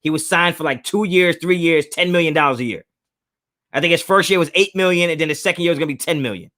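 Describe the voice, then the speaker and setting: High-pitched young guy from norcal going off at chat on his sports show, heated, says stuff twice to make the point. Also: fast, pushed and bright. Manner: heated, argumentative, repeats words when pressing a point. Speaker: sports talk show host. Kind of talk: live fan talk answering chat.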